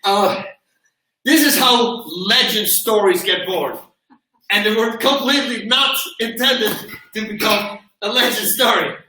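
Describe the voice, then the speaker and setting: A middle-aged man hosting a livestream, telling stories casually and loudly acting out what people said, from a mic across a large gym. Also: sits high, measured pace. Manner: animated storyteller who acts out quotes loudly. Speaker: host and martial arts coach. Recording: echoey gym, far from mic.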